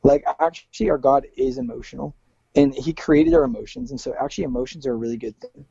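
A man's voice: mid-range voice, expressive, fast, creaky, warm tone, husky, dry recording, lo-fi sound. A man who is a worship leader, speaking earnestly in a casual interview, with many fillers and restarts.

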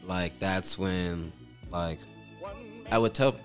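Deep-voiced man rambling over music. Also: slow. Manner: rambling, filler-heavy, profane. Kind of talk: casual storytelling chat.

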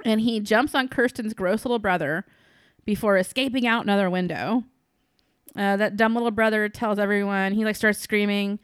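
A woman's voice: medium pitch, steady tone, normal speed, clear, resonant tone, dry recording, clean studio sound. A woman co-hosting a podcast, recapping a movie in casual chat with crude, sarcastic jokes. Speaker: podcast co-host.

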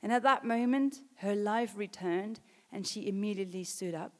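A woman's voice: medium pitch, moderate pace. Woman preaching in a reverberant hall. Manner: builds to loud emphatic exhortations. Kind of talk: sermon.

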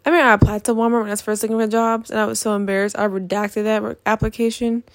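A woman's voice: a little high, level tone, racing, no echo. A young woman in a casual vlog, ranting in an exasperated, profane way about things that annoy her. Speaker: vlogger.

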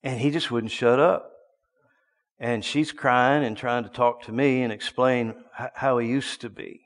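A man preaching a sermon, telling a story and swinging from hushed asides to loud bursts. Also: medium pitch, steady tone, a little slow, in a large hall.

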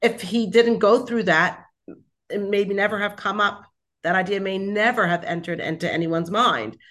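A woman's voice: fairly low pitch, a bit bright. A woman hosting a casual conversation, telling stories and affirming her guest with enthusiasm.

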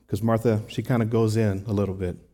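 Earnest preaching man, mellow voice. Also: fairly low pitch, flat delivery, fast. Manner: earnest, conversational preaching with rhetorical asides. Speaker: pastor. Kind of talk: sermon.

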